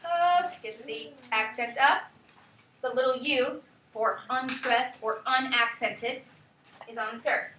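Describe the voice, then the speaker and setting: Brief: high, bright woman teacher, sing-song classroom delivery, far-off echoey room. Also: slow pace, slight background noise. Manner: lively, sing-song calling out of words. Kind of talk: classroom lesson.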